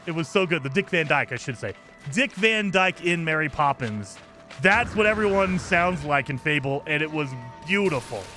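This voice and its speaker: Male game streamer, rambling casual chat, highish pitch, very animated intonation. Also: moderate pace, music in the background. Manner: rambling, enthusiastic, thanks viewers for gifts.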